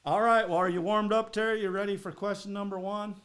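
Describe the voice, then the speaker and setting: A man from Minnesota hosts a podcast quiz in casual, rambling chat. His voice sits a touch high, and he laughs easily as he talks. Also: fairly even intonation, brisk, a bit bright. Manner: chatty and rambling, with frequent laughs. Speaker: podcast host and quiz master.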